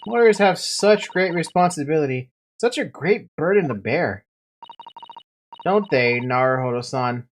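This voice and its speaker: A woman voicing a polite, earnest young female legal assistant, speaking formally and gently. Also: sits low, expressive, measured pace, slight background noise.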